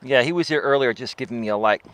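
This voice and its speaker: A personal development coach hosts a live-streamed talk while walking a windy outdoor trail, speaking into a clip-on mic with a foam windscreen near his face. His voice is medium-pitched and a bit bright, his pace quick, and he sounds conversational and preachy, often tagging points with a rhetorical "right?"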